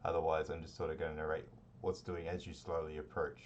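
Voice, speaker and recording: A man narrating a tabletop game as game master, in a relaxed, rambling way with many fillers. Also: a bass voice, fast talker, muffled recording, a little hiss or hum.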